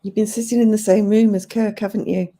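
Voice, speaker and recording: An English woman in her fifties, from England, hosts a livestream, chatting casually, reading and answering viewers' comments aloud and laughing often. Her voice is medium-pitched, steady, brisk and dark in tone.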